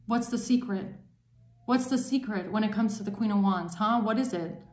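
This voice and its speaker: A woman's voice: medium pitch, normal speed, a little mellow, reverberant. A woman doing a tarot reading for her viewers, angry and emphatic, swearing often. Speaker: tarot reader.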